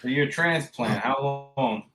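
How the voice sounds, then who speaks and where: A man's voice: medium pitch, measured pace. A man co-hosting a casual podcast, easygoing and asking direct questions. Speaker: podcast co-host.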